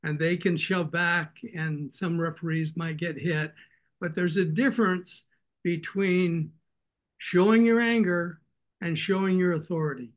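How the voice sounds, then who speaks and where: Brief: male boxing official, notably high voice, firm and teacherly. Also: fairly even intonation, a little slow. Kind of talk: seminar comment.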